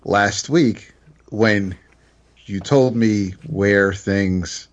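A man's voice: on the low side, very slow, highs cut off. A man co-hosting a casual podcast chat from home, rambling and hesitant with frequent restarts. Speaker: podcast co-host. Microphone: home mic, moved around.

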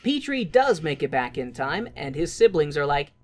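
A woman co-hosting a podcast, telling a film's plot in a loose, chatty way and cursing freely. Her pitch jumps all over the place as she talks. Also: normal speed. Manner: animated, swears a lot, acts out characters in silly voices. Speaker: podcast co-host recapping a film. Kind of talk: casual podcast recap.

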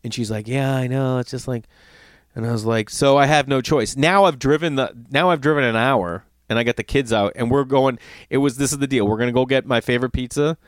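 A man's voice: mid-range voice, fairly quick, smooth, dry recording, clean studio sound. A middle-aged man telling a long, exasperated story in a casual monologue, swearing often and acting out both sides of the conversation. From Los Angeles area. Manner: animated, profane, exasperated retelling with acted-out quotes.

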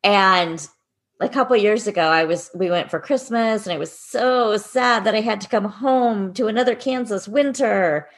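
A woman's voice: medium pitch, normal speed. A woman hosting a podcast, asking questions and affirming her guest in a friendly, casual way. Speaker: podcast host.

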